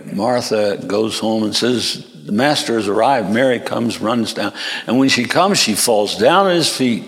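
A man preaching a sermon slowly and deliberately, lifting his voice sharply when he quotes others. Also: fairly low pitch. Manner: slow, deliberate delivery that rises sharply when quoting. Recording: long reverberant hall.

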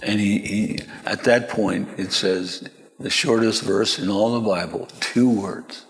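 A man preaching a sermon slowly and deliberately, lifting his voice sharply when he quotes others. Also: lowish voice, fairly even intonation. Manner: slow, deliberate delivery that rises sharply when quoting. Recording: long reverberant hall.

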